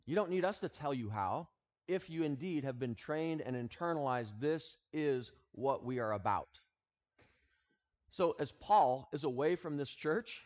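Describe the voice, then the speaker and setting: A man of ordinary pitch gives a relaxed Bible lesson to students, the way a coach would talk to his team. He reads scripture slowly and quietly, then slips into easy, chuckling explanation built on sports examples. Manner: casual, uses sports analogies, chuckles often. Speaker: teacher and football coach leading a Bible talk. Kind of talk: conversational Bible teaching to students.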